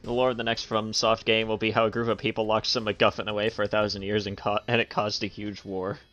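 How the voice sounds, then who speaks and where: A man's voice: lowish voice, flat delivery, quick pace, a bit bright, muffled recording, faint music behind. A young man streaming, reacting to a video in loose, profane chat with lots of fillers. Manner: loose and profane, laughs hard, many fillers. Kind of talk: casual live-stream commentary.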